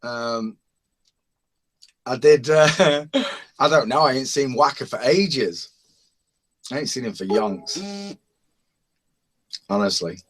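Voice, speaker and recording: A man's voice: mid-range voice, expressive, takes it slowly, pauses often. A man chatting casually in an online hangout, rambling and chuckling as he lists parody songs he has made. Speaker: open-mic hangout participant. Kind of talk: casual chat.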